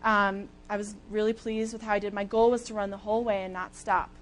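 A young woman giving a sermon as a lively, chatty personal story, with casual fillers and easy laughs. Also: medium pitch, a little fast. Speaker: speaker at a church talk.

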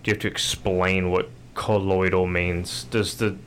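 A man hosting an interview, asking relaxed, thoughtful follow-up questions. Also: sits low, unhurried, a little hiss or hum. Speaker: host.

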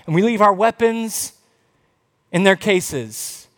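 A man preaching a sermon, telling Bible stories with animated quoted voices. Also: high-pitched, slow pace. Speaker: pastor. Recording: long reverb of a large hall.

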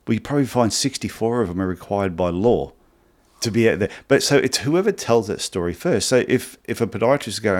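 A man's voice: fairly low pitch, a little fast. An Australian man co-hosting a podcast, chatting casually and acting out bits of dialogue as he tells anecdotes. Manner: animated anecdotes, acts out dialogue. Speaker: podcast co-host. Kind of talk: casual podcast chat, storytelling.

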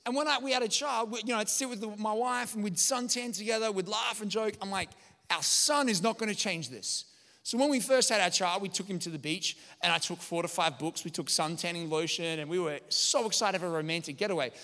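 Lively pastor, high bright voice. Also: male voice, quick pace, vocal fry, few pauses, long reverb tail. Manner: energetic, joking, animated storytelling. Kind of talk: sermon. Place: large church hall.

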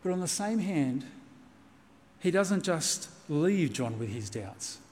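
A man's voice: fairly high pitch, big pitch swings, slow pace, darkish tone, in a large hall. A man preaching a sermon as pastor, earnest and reassuring, repeating key points for emphasis. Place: church.

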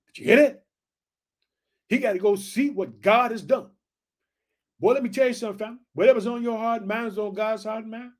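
Male preacher, high-pitched, fiery exclamatory sermon delivery with repeated rallying calls. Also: lively intonation, a little fast, pauses often. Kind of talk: fiery sermon with scripture reading.

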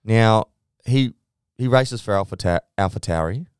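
A man co-hosting a casual sports podcast, telling stories with lively mimicry of team radio. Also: lowish voice, unhurried, smooth, dry recording, studio quality. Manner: animated storytelling, mimics radio chatter. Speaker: podcast co-host.

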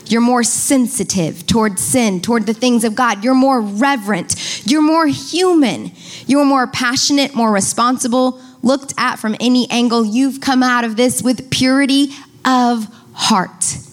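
A woman's voice: fairly high pitch, a little slow. A woman pastor preaching a sermon to a congregation, stretching key words for emphasis and speaking directly to her listeners. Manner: addresses congregation directly, asks them to repeat. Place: church before a congregation.

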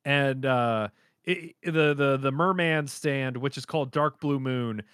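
A man co-hosting a casual chat, animated and laughing often as he acts out characters' lines. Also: medium pitch, a little slow, clean tone, no room sound, studio quality. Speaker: podcast co-host reacting to an anime episode.

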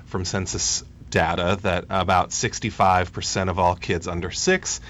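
A man in his thirties, a policy analyst guest on a radio interview, speaking in a hesitant, halting way with many restarts. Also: deep voice, steady tone, fairly bright tone.

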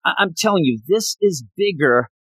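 A man chatting casually on a podcast, excited and rambling, often restarting his sentences. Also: high-pitched, moderate pace, slightly rough, dry recording. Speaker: podcast co-host. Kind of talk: casual chat about comics.

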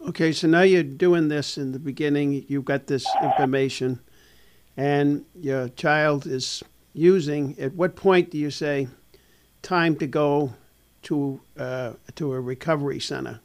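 A man's voice: a little high, fairly even intonation, measured pace, a little hiss or hum. A man hosting an interview, asking probing questions in a conversational way. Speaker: interview host.

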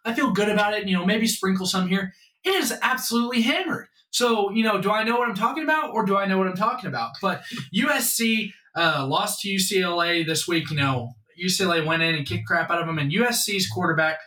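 A man's voice: high voice, fast, few pauses, sharp tone. A man co-hosting a sports podcast, emphatic and hyped, talking up his own picks. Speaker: podcast co-host. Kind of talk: casual sports chat. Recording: echoey room, mic at a distance.

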